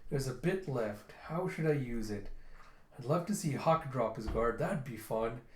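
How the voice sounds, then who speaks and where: A man's voice: mid-range voice, lively intonation, a little slow, roomy sound, natural voice. A man voicing a vain, playful young male dragon warrior with a smug, teasing manner.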